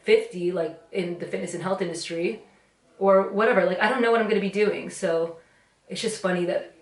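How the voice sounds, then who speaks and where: A woman's voice: mid-range voice, brisk, reverberant. A woman in her twenties chatting casually in a get-ready-with-me vlog, reflective and rambling, with lots of "like" and "you know". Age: 20s. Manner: rambling, filler-heavy and reflective. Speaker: YouTuber. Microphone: camera mic.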